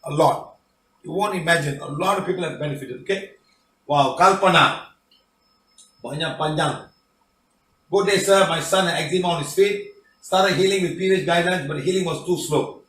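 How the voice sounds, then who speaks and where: A man's voice: a little high, normal speed, long pauses, a bit bright, far from the mic. A man, a spiritual healing teacher who reads out testimonials and comments on them. He talks emphatically and repeats himself, often tagging lines with "okay?" or "huh?". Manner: emphatic, repetitive, tag questions like "okay?" and "huh?". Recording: roomy, off-mic, faint background noise.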